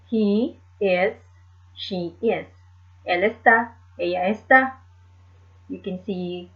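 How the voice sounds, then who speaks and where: A woman teaching a language lesson slowly and carefully, repeating each word for learners. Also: medium pitch. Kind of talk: slow explanatory lesson. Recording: dull lo-fi sound.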